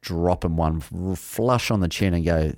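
Man, very deep voice, dry close sound, blunt emphatic rugby talk. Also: unhurried, a little mellow, no echo. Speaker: rugby pundit. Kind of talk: casual sports chat.

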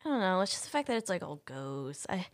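A woman in casual chat, quick to react and tease. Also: fairly low pitch, sing-song, dry recording, studio quality.

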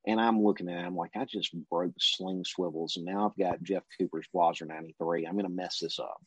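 A man telling a long casual story as an interview guest, in a relaxed anecdotal way, briefly mimicking the people he quotes. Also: deep voice, brisk, slightly rough, no room sound. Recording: dull lo-fi recording.

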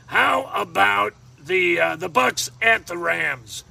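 A man's voice: high voice, lively intonation, takes it slowly, gravelly, sharp tone. A man giving football and golf betting picks in a jokey, rambling monologue, talking to himself. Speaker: sports betting picks host.

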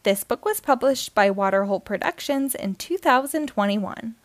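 A woman hosting and reading a children's book aloud in a slow, expressive way. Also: fairly high pitch, no echo. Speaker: host and reader.

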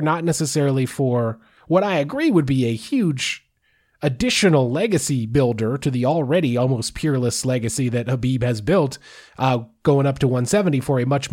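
A man's voice: mid-range voice, darkish tone. A man co-hosting a sports podcast, chatting casually and joking, with frequent restarts. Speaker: podcast co-host.

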